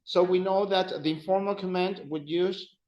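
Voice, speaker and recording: A man's voice: sits high, steady tone, moderate pace, roomy sound, dull audio. A man teaching a language class, patiently repeating phrases for his students to drill. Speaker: Spanish teacher.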